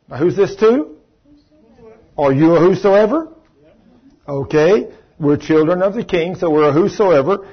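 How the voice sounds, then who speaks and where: A man preaching a folksy, emphatic sermon, his voice a touch high and husky. The sound is dull and lo-fi, like an old recording. He drops plain conversational asides between his points. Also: animated, unhurried, pauses often.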